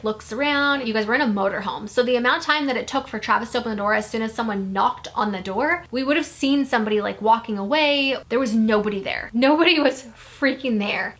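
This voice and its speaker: A woman's voice: a little high, fairly bright tone. A young woman vlogger telling a spooky story in a casual, chatty way, full of "like". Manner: chatty, fills speech with "like".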